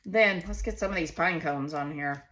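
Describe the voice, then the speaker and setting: Deep-voiced yet fairly bright in tone, a Southern US woman runs a relaxed scrapbooking vlog at a moderate pace. As she sets out stickers, she muses and asks herself questions in a chatty way.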